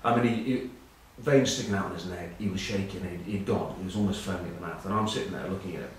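He talks fast in a low-pitched voice: a forties-aged former rugby captain from England, presenting a web news piece as a casual anecdotal monologue. Rambling, dryly self-mocking and full of ums and uhs, he's captured in a very echoey room by a far-off mic, with faint background noise.

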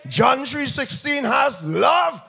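A man preaching in a church, his coloring every phrase. His voice sits high and sounds rough and gravelly, with a husky edge. He drives points home by repeating them, shouting some and dropping to a near hush on others. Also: big pitch swings, slow. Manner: swings from shouted emphasis to low quiet intensity, repeats phrases. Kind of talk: sermon.

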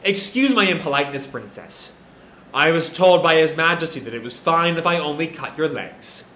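A man's voice: fairly high pitch, animated, moderate pace, pushed and bright, a little hiss or hum. A man reading the lines of a coldly polite, menacing assassin, in an echoey room. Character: cold, polite male assassin, quietly menacing.

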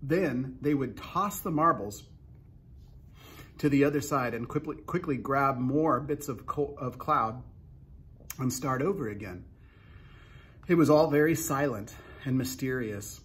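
A man's voice: mid-range voice, unhurried, long pauses, fairly bright tone, slightly rough. A man reading a children's book aloud, narrating unhurriedly with small restarts.

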